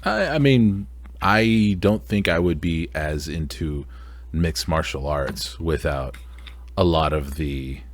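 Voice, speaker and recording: A man's voice: very deep voice, slow pace. A man hosting a podcast, chatting casually in a laid-back, teasing way and chuckling often. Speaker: podcast host. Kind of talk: casual chat.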